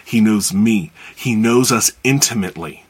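A man's voice: lowish voice, expressive, normal speed, husky. An American man preaching a sermon as a pastor, earnest and conversational as he teaches and reads scripture. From United States.

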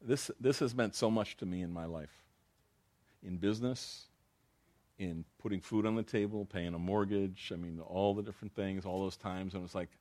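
Deep-voiced pastor teaching scripture. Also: male voice, steady tone, normal speed, a little mellow. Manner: conversational, repeats phrases, restarts mid-sentence. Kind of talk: verse-by-verse Bible teaching.

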